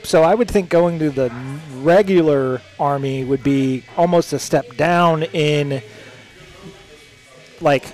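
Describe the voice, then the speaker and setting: A man hosts a relaxed podcast interview, speaking in a somewhat high voice. He chimes in with short questions and dry, joking remarks. Faint music sits quietly underneath. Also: takes it slowly. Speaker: podcast host. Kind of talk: casual interview chat.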